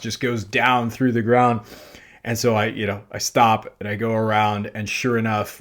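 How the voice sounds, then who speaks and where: A man hosting a podcast, telling a personal anecdote in a loose, animated way, full of fillers and self-deprecating laughter. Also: medium pitch. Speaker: podcast host. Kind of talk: storytelling monologue.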